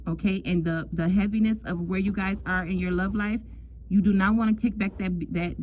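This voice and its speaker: A woman's voice: on the low side, darkish tone, slight background noise, low-quality recording. A woman giving a casual astrology love reading in a chatty way, repeating herself and calling the listener "girl". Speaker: tarot love reader.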